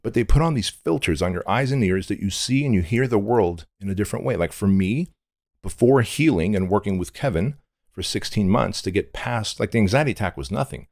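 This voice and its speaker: A man's voice: on the low side, expressive, a little fast, a little mellow, no room sound, clean studio sound. A middle-aged man from Armenia, a podcast guest telling his story in a blunt, intense, candid way with casual swearing.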